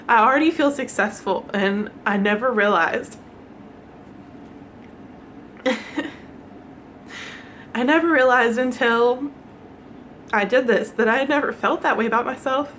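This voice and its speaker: Teary young woman, halting and emotional. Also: on the high side, fairly bright tone, a little hiss or hum. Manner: halting, with nervous laughs and restarts. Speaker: vlogger. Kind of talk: personal vlog monologue.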